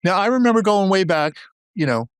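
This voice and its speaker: A man hosting an interview podcast, asking rambling, reflective questions in a relaxed way. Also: high voice, a little fast, clean tone, dry recording, studio quality. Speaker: podcast host. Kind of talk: casual interview.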